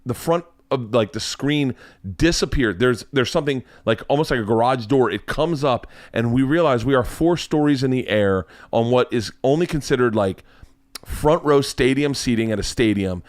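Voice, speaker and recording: A comedian in his forties telling a rambling story in a casual, excitable, profane way. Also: mid-range voice, moderate pace, no echo.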